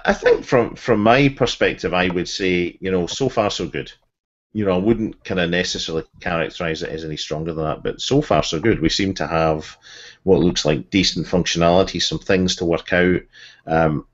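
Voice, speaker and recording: A man with a measured, explanatory way of talking, the resident expert on a podcast. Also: low-pitched, muffled recording. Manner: measured, explanatory, many restarts. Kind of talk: casual group chat.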